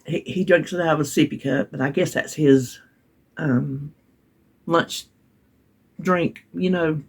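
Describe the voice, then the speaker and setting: A woman's voice: sits low, steady tone, takes it slowly, gravelly, slightly rough. Older lady vlogging, folksy rambly storytelling, lots of restarts. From United States. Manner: chatty and folksy, with frequent restarts and little laughs. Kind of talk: casual storytelling.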